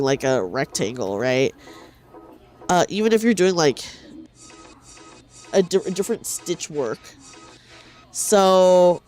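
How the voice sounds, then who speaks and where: A woman's voice: on the low side, a little mellow. A young woman streamer chatting casually while she knits, rambling and self-deprecating, often restarting her sentences. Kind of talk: casual chat while knitting.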